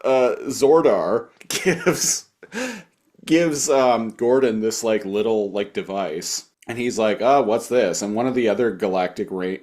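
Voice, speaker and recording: A man co-hosting a podcast, recounting a film's scenes in halting, filler-laden casual chat. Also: fairly low pitch. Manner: animated, halting storytelling with fillers. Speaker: podcast co-host. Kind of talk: casual movie recap chat.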